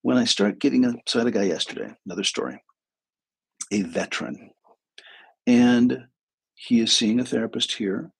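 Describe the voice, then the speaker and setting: A man's voice: medium pitch, normal speed, vocal fry, pauses often, slightly rough, poor audio. A man speaking as a hypnotherapist, telling client stories in a casual livestream talk full of restarts and asides. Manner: conversational storytelling with restarts.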